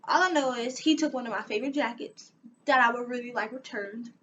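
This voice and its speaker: A young woman telling a personal story on her vlog, animated and dramatic, with sighs and laughs. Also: a little high, fairly quick, slight background noise. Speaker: vlogger.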